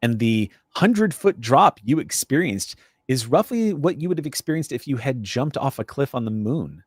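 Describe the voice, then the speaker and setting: A man narrates a tabletop game as its game master, with a middle pitch and a measured, descriptive delivery. The sound is dry and close to the mic, with no room echo. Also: lively intonation, husky.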